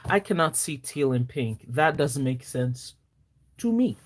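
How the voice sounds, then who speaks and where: A woman with a Nigerian accent chatting casually on a live stream, excitable, gasping and teasing her viewers playfully. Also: deep voice, measured pace. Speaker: planner vlogger.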